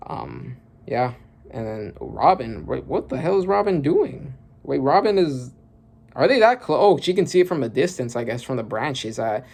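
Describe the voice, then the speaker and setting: Gravelly man rambling through a reaction. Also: mid-range voice, sing-song, moderate pace, darkish tone. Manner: rambling, thinking aloud with many fillers and restarts. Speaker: manga reaction youtuber. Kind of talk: casual reaction commentary.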